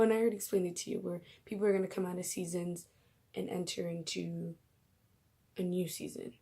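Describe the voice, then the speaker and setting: A woman's voice: fairly low pitch, vocal fry, dark tone, breathy edge. A young woman vlogging casually about her faith, emotional and gushing, often dropping into whispers.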